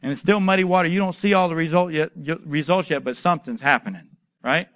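A man preaching a sermon with a fairly high voice, recorded close and dry. He moves from quiet storytelling to emphatic, rising exhortation, peppered with rhetorical questions and acted-out asides. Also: quick pace, no room sound. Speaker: pastor.

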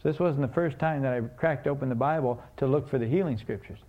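A man's voice: mid-range voice, quick pace, phone-quality sound. A man preaching a sermon, telling a story and asking the congregation questions in a conversational way.

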